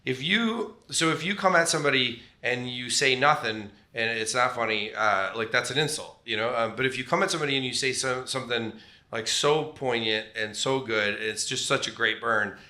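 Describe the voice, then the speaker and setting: A man with a very bright, forceful voice tells a rambling story, laughing often and playing the other people in it. The sound is roomy, with faint noise behind him. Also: medium pitch, moderate pace. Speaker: comedian telling a story on a podcast. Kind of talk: casual storytelling chat.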